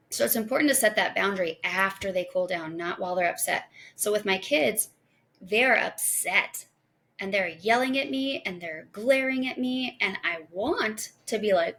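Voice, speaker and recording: A woman in her thirties hosting a podcast, talking through parenting advice in an earnest, gentle, casual way. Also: medium pitch, normal speed. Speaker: podcast host.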